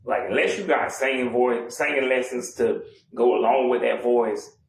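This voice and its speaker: A man's voice: medium pitch, steady tone, normal speed. A man ranting bluntly and profanely in casual chat. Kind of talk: casual rant. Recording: echoey room with faint noise.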